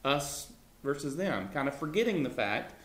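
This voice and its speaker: A man's voice: a little high, very animated, normal speed, fairly bright tone, echoey room. A man leading a Bible study in a conversational teaching style, chuckling often and talking loosely with fillers.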